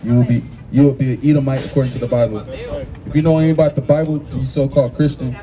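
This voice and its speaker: A male street preacher delivers his message in a forceful, confrontational way, repeating words and filling gaps with fillers. A crowd is clearly audible around him. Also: medium pitch, fairly even intonation, racing. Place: outdoors on a busy street. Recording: busy street crowd noise.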